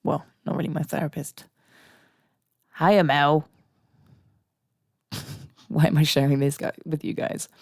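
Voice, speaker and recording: A woman's voice: sits low, little pitch movement, measured pace, pauses often, darkish tone, no echo, studio quality. A young woman streaming live, chatting candidly and ranting with frequent laughter. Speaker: songwriting livestreamer. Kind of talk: casual livestream chat.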